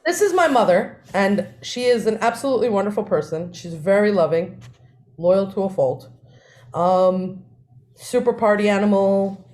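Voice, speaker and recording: A woman, co-hosting a podcast and telling family stories in a lively way, often laughing. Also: medium pitch, moderate pace. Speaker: podcast co-host. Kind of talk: casual storytelling.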